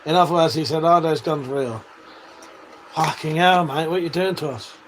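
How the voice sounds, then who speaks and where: An English man in his forties bantering with his chat, reading out comments, laughing and swearing freely. His voice sits a little high for a man. A faint background hiss runs under the talk. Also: moderate pace. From England. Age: 40s. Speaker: live streamer. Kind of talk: casual live-stream chat reading viewer comments.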